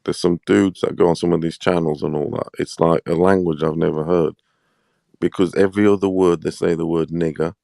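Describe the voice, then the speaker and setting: A man's voice: low voice, steady tone, brisk, gravelly, mellow, dry recording, clean studio sound. A man hosting a live boxing talk show in casual, blunt, profane chat, pressing his points hard.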